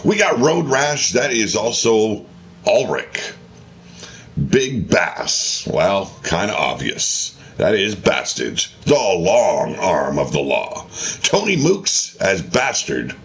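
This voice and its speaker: A low-voiced man hosts a wrestling game show with theatrical ring-announcer flair. His delivery swings widely in pitch, unhurried and drawn out, and he throws in swearing asides. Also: very animated, a bit bright. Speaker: host of a wrestling game channel.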